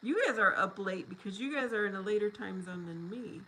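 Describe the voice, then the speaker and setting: A woman's voice: mid-range voice, lively intonation, fairly quick, pushed and bright, a little hiss or hum, rough recording. A woman hosting a casual livestream, reading viewer comments aloud and greeting people by name, often breaking into laughter. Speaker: livestream host.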